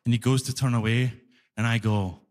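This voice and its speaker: A Glaswegian man from Scotland performing a stand-up comedy set, acting out both sides of his stories with animated energy. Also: mid-range voice, fairly quick, big-room sound, background noise. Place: large concert hall stage.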